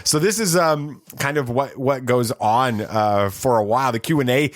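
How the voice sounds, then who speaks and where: A man's voice: mid-range voice, moderate pace. Middle-aged man telling a story animatedly. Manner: animated storyteller who acts out his own lines. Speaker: podcast host. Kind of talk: storytelling in a casual chat.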